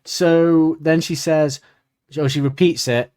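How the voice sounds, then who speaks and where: A man's voice: a little high, steady tone, slow, darkish tone, no room sound, studio quality. A man co-hosting a podcast, joking crudely and laughing often in casual chat. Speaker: podcast co-host.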